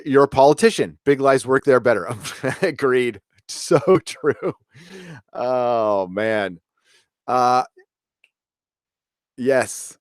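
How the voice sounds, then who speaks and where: A man hosting a casual live stream, reviewing an episode and reading out viewer comments in a rambling, relaxed way. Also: medium pitch, extremely slow, pauses often, smooth, no echo, clean studio sound. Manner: rambling and relaxed, many fillers and restarts.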